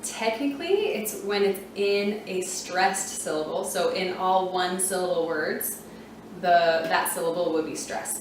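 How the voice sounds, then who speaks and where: A woman teaching beginner reading rules in a casual, chatty manner, sprinkling in fillers and slowly spelling out letters. Her voice sits back from the microphone in a very echoey room. A faint hum of room ambience runs underneath. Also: lowish voice, distant mic.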